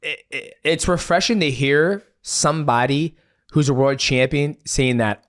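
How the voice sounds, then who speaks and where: A man hosting a podcast, relaxed and chatty, often backing the guest with short replies and casual swearing. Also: a little high, unhurried. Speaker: podcast host. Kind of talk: casual interview chat.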